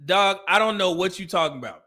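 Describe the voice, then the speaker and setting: A man's voice: high-pitched, animated, brisk, pushed and bright. A man hosting a livestream, reacting to a clip with blunt, exasperated commentary and calling viewers brother. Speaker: host reacting to a video.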